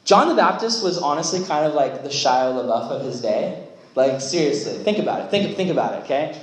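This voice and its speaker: Young man, youth sermon; chatty, animated, slightly high, echoey hall. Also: fairly quick. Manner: animated, filler-heavy talk with lots of "like". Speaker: youth pastor. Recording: roomy echo.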